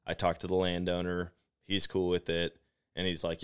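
Deep-voiced man telling a lively story. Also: normal speed, smooth. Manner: animated storyteller, many "like" fillers. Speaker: podcast host. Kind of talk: casual podcast chat, storytelling.

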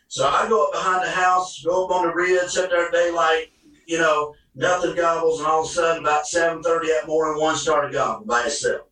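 A man telling a hunting story in a folksy, animated way, recorded in an echoey room with the mic at a distance. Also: fairly high pitch, fairly quick. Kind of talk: casual storytelling.

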